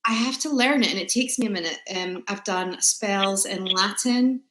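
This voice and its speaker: An actress chatting with a friend on a fan Q&A stream, reading out questions and laughing easily. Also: female voice, mid-range voice, moderate pace, reverberant, noisy background. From Scotland. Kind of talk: casual chat. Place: home room on a live stream. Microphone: computer or phone mic on a video stream.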